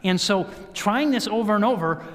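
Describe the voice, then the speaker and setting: High-voiced man telling a story in church. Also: moderate pace. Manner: storytelling, animated, acts out quotes. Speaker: guest speaker. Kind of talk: sermon-style health talk. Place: church sanctuary. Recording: church hall reverb.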